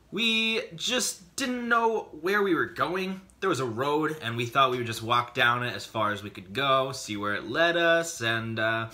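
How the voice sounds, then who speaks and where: Man, vlogger, comic storytelling, joking, lively swooping pitch. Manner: animated, joking, quick bursts.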